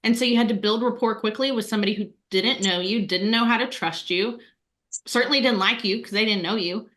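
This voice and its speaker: A woman speaking as a webinar guest, explaining things in a clear and upbeat way. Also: on the high side, fairly quick, a bit bright. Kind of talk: casual webinar conversation.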